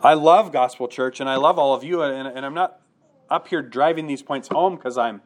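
A man's voice: medium pitch, moderate pace. A man preaching a sermon to his congregation, earnest and direct, often checking in with rhetorical questions. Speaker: pastor.

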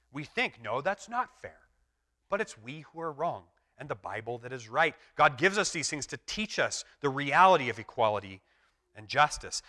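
A man delivers a sermon, pressing each point home with earnest emphasis. His voice is bright and forceful. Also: medium pitch. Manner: earnest, emphatic preaching that acts out quoted voices. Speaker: pastor.

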